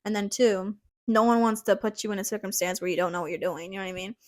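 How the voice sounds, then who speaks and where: A young woman telling a story in a casual vlog about her job as a dental assistant, chatty and animated, acting out what people said. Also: mid-range voice, fast talker. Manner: chatty, animated, acts out quotes.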